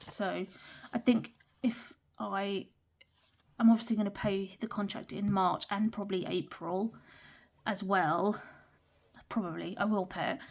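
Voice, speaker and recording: A young British woman chatting casually while counting cash into budget envelopes, often murmuring numbers under her breath. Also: medium pitch. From Britain. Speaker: budgeting vlogger.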